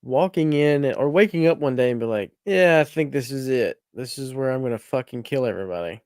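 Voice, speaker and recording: A man's voice: mid-range voice, animated, brisk, darkish tone, dry recording, clean studio sound. Laid-back man swapping jokes on a podcast. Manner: laid-back, laughs easily, swears. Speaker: podcast co-host. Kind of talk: casual banter.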